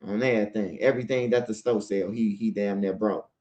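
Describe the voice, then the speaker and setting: This channel host has a lowish, slightly mellow voice with fairly even intonation and a brisk delivery, though the audio sounds dull. He's a man with a Chicago accent telling rambling, profane stories in a casual monologue, filling lines with "bro" and addressing viewers directly to ask for comments.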